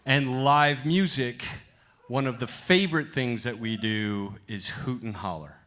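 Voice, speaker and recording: A man's voice: mid-range voice, unhurried, fairly bright tone. Joking man welcoming a theater crowd. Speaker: theater executive director. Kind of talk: live stage welcome speech. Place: theater stage before a live audience.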